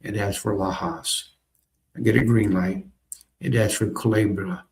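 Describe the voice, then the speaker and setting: A man's voice: on the low side, little pitch movement, measured pace, a little mellow. A man casually talking through a learning game as he clicks along, thinking aloud and repeating himself. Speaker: software demonstrator. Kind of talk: casual screen-recorded tutorial.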